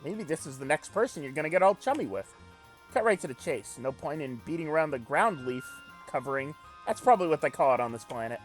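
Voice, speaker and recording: A man playing a game on video, reading its text aloud with casual commentary, animated and swearing casually while joking at himself. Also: a little high, fast talker, soft background music. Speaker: let's play gamer.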